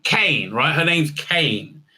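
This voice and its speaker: A man's voice: fairly high pitch, very animated, takes it slowly, sharp tone, husky. A man recapping and reviewing a TV episode in a rambling, sarcastic way, full of fillers and silly acted-out voices.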